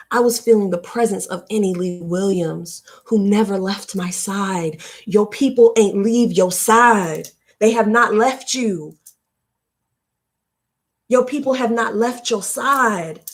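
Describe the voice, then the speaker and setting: A woman in her late twenties hosting a live stream, giving a heartfelt motivational talk. She repeats her points emphatically, like a preacher, and turns soft and emotional. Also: medium pitch, unhurried. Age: late 20s. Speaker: livestream host.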